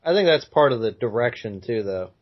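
A man co-hosting a podcast in casual chat, easygoing and measured, often hedging his opinions. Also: mid-range voice, expressive. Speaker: podcast co-host. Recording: dull lo-fi sound.

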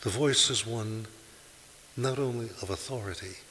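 Male preacher, bright forceful tone, emphatic delivery, long hall reverb with faint hiss. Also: medium pitch, normal speed. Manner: emphatic, rising to forceful peaks when quoting scripture. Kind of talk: sermon. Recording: hissy recording in a large reverberant hall.

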